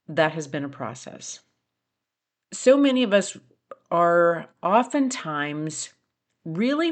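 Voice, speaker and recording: Slow, low-voiced woman podcast host. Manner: earnest, challenging the listener with questions. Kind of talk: reflective solo podcast talk.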